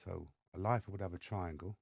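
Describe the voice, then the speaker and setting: Deep gravelly English man telling stories. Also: fairly quick, no room sound. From England. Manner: animated storyteller acting out dialogue. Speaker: podcast guest. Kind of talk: storytelling interview. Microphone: studio microphone.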